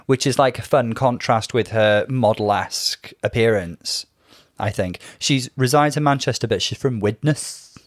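A man co-hosting a casual chat podcast, chatty and quick with dry quips, laughing often. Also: medium pitch, no room sound. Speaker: podcast co-host.

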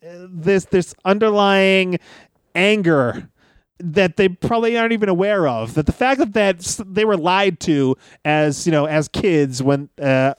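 A man's voice: high voice, clear, resonant tone, no echo. A man co-hosting a wrestling podcast, talking casually in a reflective, rambling way with many fillers. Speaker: podcast co-host.

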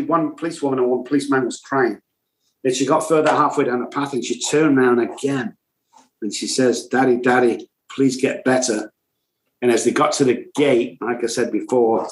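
A middle-aged man from England, appearing as a podcast guest, tells his own recovery story bluntly and intensely in a mid-range voice. The recording is reverberant and low quality. It's emotional personal storytelling, and he calls himself loud and cocky.

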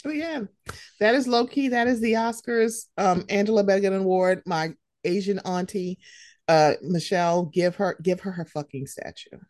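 A young woman hosting a casual pop-culture chat, animated and slangy, swearing freely. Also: medium pitch, moderate pace, dry recording, studio quality. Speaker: podcast host.

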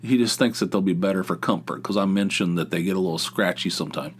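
A middle-aged man talks through a loose solo podcast monologue in a lowish voice. He swears casually, wanders off track, and circles back with "anyway." The delivery is unscripted, conversational and full of restarts. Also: fast, husky. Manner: rambling, profane, easily sidetracked. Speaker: podcast host.

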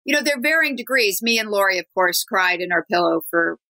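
A woman's voice: mid-range voice, animated, a little fast, sharp tone, poor audio. A woman hosting a talk show, introducing her guests and asking them questions in a chatty way. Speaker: podcast host.

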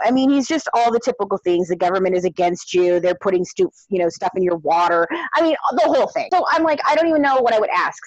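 Middle-aged woman, casual interview guest, animated storytelling, close dry sound. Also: no room sound, lo-fi sound. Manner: animated, rising to high exasperated pitch when retelling exchanges. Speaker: documentary creator interviewed as guest.

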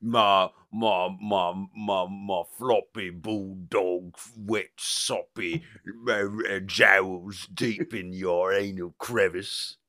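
A man voicing a lewd, smug male bulldog demon with drawn-out, leering taunts. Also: sits low, steady tone, sharp tone, no echo, studio quality, voice pushed up, full character voice.

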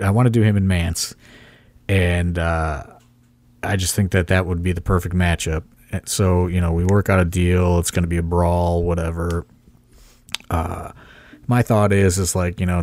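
A man's voice: low voice, a little mellow, no echo. A man hosting a podcast and rambling through a story, full of "like" and "you know". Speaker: wrestling promoter and podcast host. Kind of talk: casual storytelling chat.

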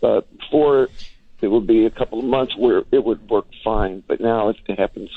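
A man's voice: lowish voice, normal speed, slightly rough, no room sound. A man calling in to a radio show, asking plain, matter-of-fact questions over the phone. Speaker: caller. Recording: tinny phone line.

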